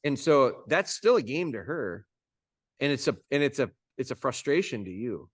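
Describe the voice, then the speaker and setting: A man coaching dog owners over a video call, talking in an informal, folksy way with quick restarts. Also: mid-range voice, big pitch swings, no echo, clean studio sound. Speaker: dog trainer coaching clients.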